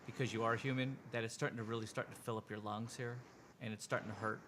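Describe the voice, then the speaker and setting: A man narrating as game master of a tabletop role-playing game, animated and jumping into quick voices for the people in the scene. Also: medium pitch.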